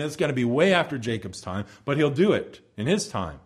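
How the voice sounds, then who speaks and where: A man preaching a sermon, explaining scripture in an earnest, emphatic way that rises for stress and drops soft at the close of phrases. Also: medium pitch, sing-song, a little fast, few pauses, husky. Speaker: pastor.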